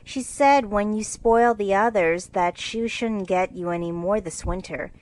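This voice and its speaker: A woman's voice: medium pitch, unhurried, a little mellow, lightly acted, rough recording. An eager, fretful teenage girl fussing over party clothes, as a woman reader puts her on, her voice lifted a little above plain narration. She sounds girlish and easily worried, in a storybook reading for learners. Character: girlish teenage older sister, fussy about dress.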